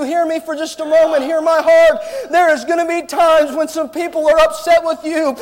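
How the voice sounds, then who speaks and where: A man preaching a fiery revival sermon, often shouting and calling his listeners friend. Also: very high voice. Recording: long church reverb.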